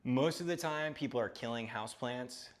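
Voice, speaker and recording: A man's voice: medium pitch, normal speed. A man from Florida chatting casually on a gardening live stream, joking and talking to his cat as he walks around.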